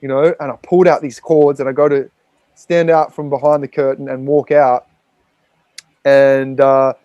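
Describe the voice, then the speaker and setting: A man's voice: mid-range voice, level tone, moderate pace, mellow, no room sound, highs cut off. Blunt, swearing Australian man telling his story. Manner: raw, profane, rambling with many fillers. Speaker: podcast guest. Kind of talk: candid personal storytelling.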